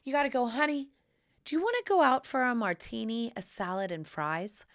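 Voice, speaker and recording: A woman hosts her solo podcast with a sassy, theatrical delivery. Her pitch leaps all over the place as she jumps from loud bursts down to breathy whispers. She calls her listeners honey. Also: sing-song, fairly quick. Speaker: podcast host. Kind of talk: casual solo podcast chat.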